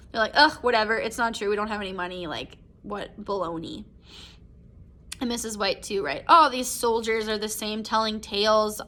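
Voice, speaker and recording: A woman's voice: medium pitch, a bit bright. A young woman teacher walking a class through a short story in a chatty, casual way, full of "like" and "right?". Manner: chatty, explains with lots of "like" and "right?". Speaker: English teacher. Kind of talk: casual recorded class lesson.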